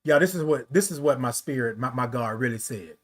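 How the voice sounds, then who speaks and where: A man's voice: mid-range voice, lively intonation, a little fast. A man hosting a talk show, telling a personal story with emphatic, conversational delivery and speech. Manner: emphatic storyteller, addresses listeners as y'all, rises loud when telling the climax. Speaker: host.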